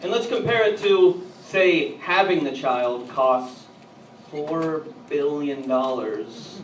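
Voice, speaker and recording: A man doing a stand-up comedy routine on a club stage, telling edgy jokes and bantering with the crowd, at times getting loud. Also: on the high side, lively intonation, takes it slowly. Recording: echoey, distant, noisy live room.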